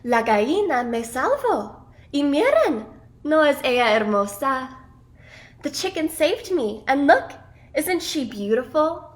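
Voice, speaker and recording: A woman's voice: sits high, very animated, unhurried. A woman voicing a cheerful wild male parrot in a children's storybook reading, speaking in delighted exclamations.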